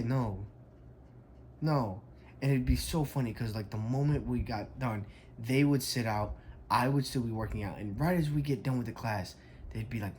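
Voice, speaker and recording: A man's voice: medium pitch, normal speed, long pauses, darkish tone, a little hiss or hum. A young adult man, a fitness coach, tells a story in a casual vlog, emphatic and frank, with lots of "like".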